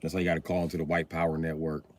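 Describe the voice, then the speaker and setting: A man's voice: a bass voice, little pitch movement, very fast. A man live-streaming in casual chat, talking to his viewers in a sarcastic, profane, mock-serious way. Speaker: livestreamer.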